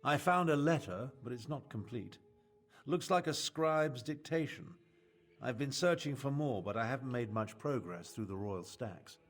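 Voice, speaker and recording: An actor playing a serious male ally in a fantasy game, speaking in a measured, earnest way. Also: medium pitch, expressive, close to an everyday voice. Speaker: game character. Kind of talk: scripted game dialogue.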